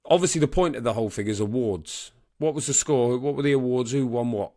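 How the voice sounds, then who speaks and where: A man's voice: medium pitch, brisk, warm tone. A man hosting a casual podcast chat, bantering with his guest and prompting him with questions. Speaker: podcast host.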